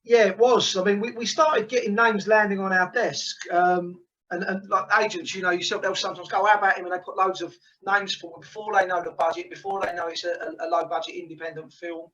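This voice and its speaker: Fast, bright-voiced London man. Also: high voice, dull audio. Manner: quick, animated anecdotes. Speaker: guest filmmaker. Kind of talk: casual chat.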